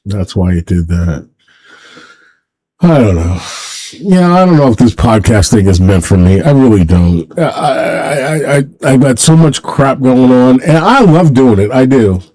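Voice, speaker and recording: A man hosting a casual solo livestream from home, rambling and halting, talking in a sentimental way. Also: medium pitch, sing-song, warm tone, poor audio. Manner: rambling, halting, many restarts; emotional, sentimental. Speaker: livestream host.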